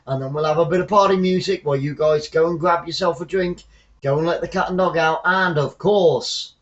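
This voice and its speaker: A man calls a football match for his fan stream from home, wandering into chatty asides and getting excited when there's a chance on goal. His voice sits a touch high. The home recording is dull and lo-fi. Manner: chatty, rambling asides between excitable play-by-play. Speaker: fan commentator hosting a live stream. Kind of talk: casual live football commentary. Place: at home, watching the match remotely.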